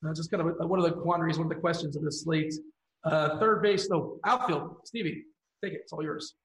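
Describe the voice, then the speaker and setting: Fast-talking man in an echoey office. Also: a little high, steady tone, fairly bright tone. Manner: brisk, hands off topics to co-hosts. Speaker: host. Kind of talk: fantasy baseball strategy chat. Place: office room.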